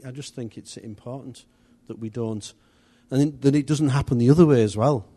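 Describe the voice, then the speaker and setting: A man's voice: medium pitch, normal speed, dark tone. Chatty man leading a church session. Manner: chatty, rambling, conversational with filler and restarts. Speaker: church leader. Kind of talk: informal church teaching.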